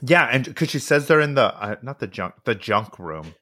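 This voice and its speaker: A man co-hosting a podcast, casually recapping a film in animated bursts and acting out the characters' lines with plenty of swearing. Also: medium pitch, normal speed. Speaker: podcast co-host.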